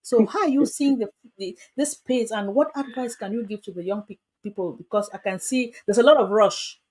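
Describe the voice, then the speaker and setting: A woman hosting a livestream chat, lively and speaking straight to her viewers. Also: on the high side, brisk, slightly rough. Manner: lively, addresses viewers directly. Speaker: host.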